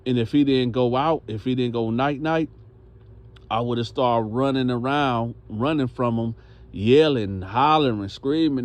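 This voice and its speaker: A man's voice: mid-range voice, measured pace, dull audio. A man telling a story in a casual way, acting out the voices of the people in it. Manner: animated, acts out voices.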